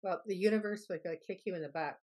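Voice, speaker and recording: Woman guest, low-ish voice, chatty and rambling anecdote teller. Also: fast talker, darkish tone. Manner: rambling storyteller, acts out quoted voices. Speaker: guest health expert. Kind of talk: casual interview chat.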